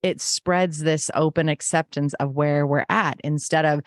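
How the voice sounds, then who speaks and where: Middle-aged woman, low register, earnest guest, acts out past dialogue, dry close mic. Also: steady tone, a little slow, no echo. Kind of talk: conversational interview.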